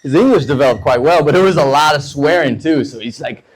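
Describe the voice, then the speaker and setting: Profane storytelling comedian, loose and chatty. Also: male voice, fairly high pitch, expressive, rough recording. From United States. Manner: loose, profane storytelling with quick voiced asides. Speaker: stand-up comedian. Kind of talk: stand-up comedy set.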